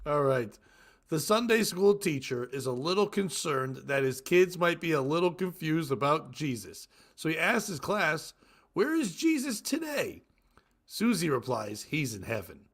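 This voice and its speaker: A man's voice: on the high side, animated, normal speed, a bit bright. A man co-hosting a crude comedy podcast, reading joke after joke and breaking into cackling laughs. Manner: cackling laughs, reads jokes aloud. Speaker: podcast co-host.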